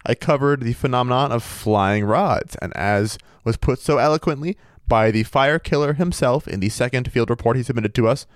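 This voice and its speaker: Male podcast co-host, smooth resonant voice, deadpan wry humor, dry close mic. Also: mid-range voice, normal speed, few pauses, no room sound. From United States. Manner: deadpan, wry, mock-formal. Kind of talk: casual chat.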